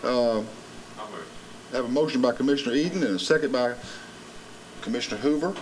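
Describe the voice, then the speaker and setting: A man's voice: medium pitch, fairly quick, a little hiss or hum, rough recording. A man with a Southern American accent chairing a county commission meeting, calling votes in a formal, procedural way. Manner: formal, procedural vote calls.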